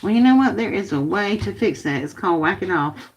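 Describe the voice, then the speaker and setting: A woman's voice: medium pitch, expressive, brisk, slight background noise. A woman hosting a casual craft video, chatting to viewers and muttering to herself as she works. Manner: chatty, talks to herself while working, grumbles.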